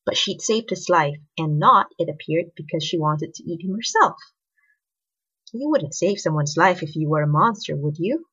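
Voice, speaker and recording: A woman reads a story aloud with expressive narration. Her voice is low and husky. The recording is dull and lo-fi. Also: normal speed.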